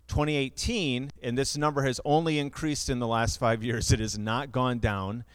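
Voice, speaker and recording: A man's voice: mid-range voice, steady tone, moderate pace, clear, resonant tone, dry recording. A younger man preaching a sermon, explaining figures in a conversational way with asides. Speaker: pastor.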